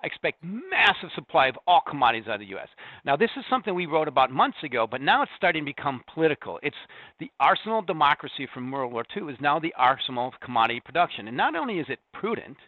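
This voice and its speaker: A man's voice: a little high, big pitch swings, no echo. Middle-aged man, commodity analyst guest, dense with figures, heard over a thin phone-like line. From US Corn Belt. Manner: fast, data-heavy, restarts mid-sentence. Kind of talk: market interview. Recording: tinny phone-like line, dry.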